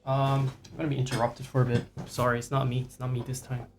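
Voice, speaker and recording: A male streamer talks loosely to his chat from a home setup, wandering between topics with dry sarcasm and frequent profanity. His pitch sits in an ordinary middle range, and faint background music plays underneath. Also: completely flat delivery, fast talker. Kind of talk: casual live-stream chat with viewers.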